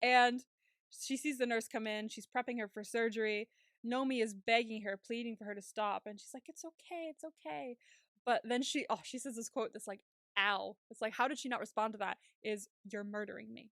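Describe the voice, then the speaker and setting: A woman's voice: a little high, brisk, no room sound, clean studio sound. Chatty woman recapping a show. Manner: animated retelling with quoted lines. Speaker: podcast co-host. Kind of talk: casual recap chat.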